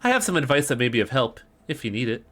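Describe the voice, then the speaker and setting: A man reading the lines of a gentle, enigmatic young woman with a soft, coaxing delivery. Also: medium pitch, big pitch swings, fast talker.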